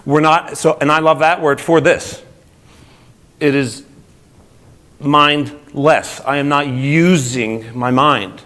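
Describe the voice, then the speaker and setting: A man with a New Jersey accent gives an energetic motivational talk to a group, often putting questions to the audience. His voice is fairly high, and he speaks slowly with frequent pauses.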